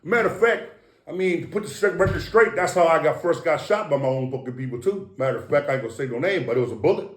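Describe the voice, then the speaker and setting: A middle-aged man from East Los Angeles spins tales as an interview guest, boastful and profane. His voice sits a little high for a man and throws out punchy sound effects. The room rings with a roomy echo. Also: expressive, fast. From East Los Angeles, USA. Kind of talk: casual storytelling.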